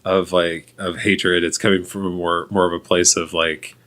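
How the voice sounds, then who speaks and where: Low-voiced man, rambling podcast guest. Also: little pitch movement, moderate pace, a bit bright. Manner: rambling, hesitant, full of "like". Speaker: co-author guest. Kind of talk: casual podcast chat.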